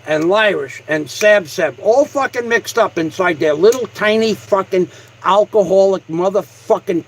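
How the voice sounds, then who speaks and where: Male livestreamer with a high voice, angry and crude, hammering the same point over and over. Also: rough recording. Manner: angry, repetitive and heavily profane. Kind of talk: profane rant on a livestream.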